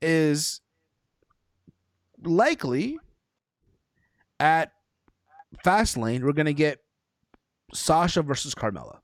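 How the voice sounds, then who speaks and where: A man on a wrestling podcast who rambles through his points, throwing in "listen" and "bro" along with casual swearing. His pitch swings widely as he talks, and the mic sounds dry and close. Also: big pitch swings, slow pace, pauses often, no echo. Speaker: podcast co-host.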